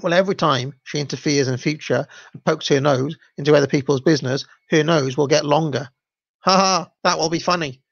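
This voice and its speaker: A man's voice: on the high side, fairly quick, creaky, no echo, highs cut off. A man voicing an indignant little male brownie in a storybook reading, snapping and scolding.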